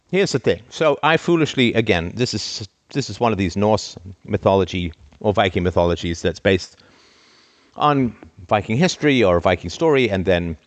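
A man hosting a live show, ranting in an exasperated, sarcastic way with big theatrical swings in pitch. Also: no room sound. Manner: theatrical, trained speaking voice. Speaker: host.

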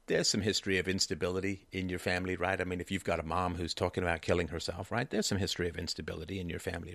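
A man's voice: deep voice, gravelly, pushed and bright, no room sound. A man hosting a call-in advice show, talking emphatically and repeating key phrases for stress.

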